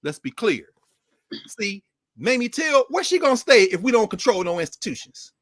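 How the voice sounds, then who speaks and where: Brief: man, fairly high voice, dry close sound, passionate lecture-hall delivery. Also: sing-song, normal speed, a bit bright. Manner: impassioned, preacherly, big pitch swings. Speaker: regular guest scholar. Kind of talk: animated lecture-style talk.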